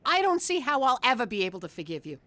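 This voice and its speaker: An actress voicing a fed-up mobster's wife with a cold, cutting manner. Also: female voice, a little high, very animated, fast talker, pushed and bright, no echo. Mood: hurt.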